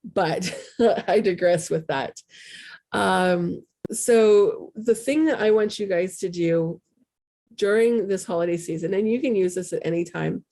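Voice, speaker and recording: In a fairly low-pitched voice with a dark tone, a middle-aged spiritual coach hosting a podcast chats in a heartfelt, casual way. Her talk is candid and wandering, with a self-deprecating streak.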